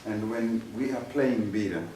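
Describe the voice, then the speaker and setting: A man's voice: on the low side, moderate pace, mellow, slight background noise. A man, a Shona speaker, patiently teaching a music workshop and leading the group in repeating words after him. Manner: patient, demonstrative, leads group repetition. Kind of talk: teaching a workshop with call-and-response. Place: workshop room. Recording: echoey room from a distance.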